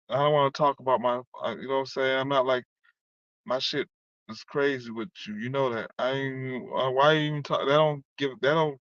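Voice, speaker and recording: A man with a medium-pitched voice vents in a rambling, profane vlog at someone who did him wrong, constantly saying "you know what I'm saying." The lo-fi recording is dull and dry, with no room sound.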